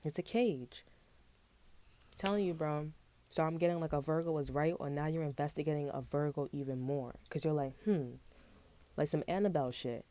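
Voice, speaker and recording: Low, mellow-voiced woman reading tarot. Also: brisk. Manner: slangy and rambling, swears freely. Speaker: tarot reader.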